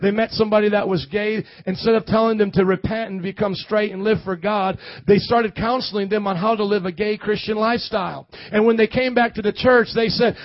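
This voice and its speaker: A man from the American Midwest preaching a sermon as pastor, animated and calling on the congregation to answer back. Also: high voice, brisk, hardly any pauses, no echo, muffled recording. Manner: animated, calls for congregation responses.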